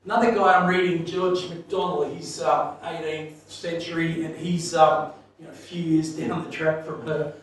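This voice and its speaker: Animated preacher in an echoey hall. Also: male voice, fairly high pitch, normal speed, distant mic, slight background noise. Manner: animated, laughing storyteller who swings from loud to hushed. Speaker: pastor. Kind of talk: sermon storytelling.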